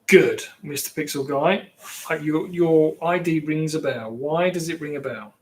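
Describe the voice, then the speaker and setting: A man's voice: on the high side, unhurried, darkish tone. A man from England with an English accent, rambling casually as he chats with viewers on his livestream. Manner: rambling, chatty, reacting to viewers. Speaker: livestream host.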